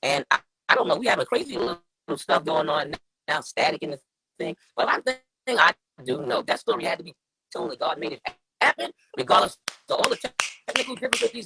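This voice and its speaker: Effusive female host, gravelly and sharp-toned, sympathetic interviewer. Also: sits low, sing-song, fairly quick, slight background noise, poor audio.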